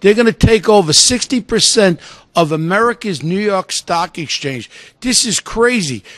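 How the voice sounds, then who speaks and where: A man holding forth as a guest on a talk radio show, loud and outraged, hollering his points at the studio microphone. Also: sits high, expressive, moderate pace, dry recording. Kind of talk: ranting talk radio commentary.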